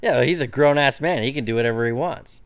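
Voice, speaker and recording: A man's voice: medium pitch, quick pace, clear, resonant tone. A man co-hosting a podcast in easygoing casual chat, often agreeing and recapping. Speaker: podcast co-host.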